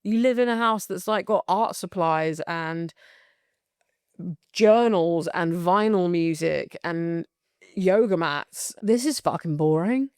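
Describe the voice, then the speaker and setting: British woman, young, candid solo podcast host, sweary and animated, dry close sound. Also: on the low side, slow, clear, resonant tone, dry recording. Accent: British English. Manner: swears freely, animated and laughing.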